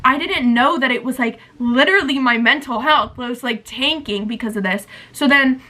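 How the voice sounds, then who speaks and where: A woman's voice: high voice, moderate pace, sharp tone, rough recording. A young woman in her twenties vlogging, chatting in a rambling, emotional, confessional way with lots of "like". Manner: rambling, heavy use of "like", emotional. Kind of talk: casual confessional chat.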